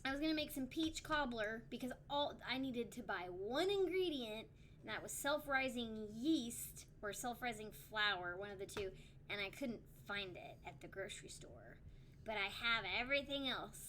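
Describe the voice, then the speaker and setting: A woman's voice: a little high, lively intonation, moderate pace, a bit bright, slight background noise. Rambling young woman telling a story. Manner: rambling storyteller with many fillers and restarts. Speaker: podcast co-host. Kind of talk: casual chat on a livestream.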